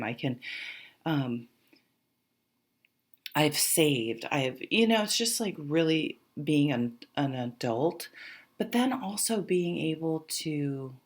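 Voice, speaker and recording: A woman's voice: rumbling low, creaky. A tired woman giving a casual tarot reading, rambling and thinking aloud with many fillers, laughing and swearing easily. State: tired, yawning. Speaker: tarot reader.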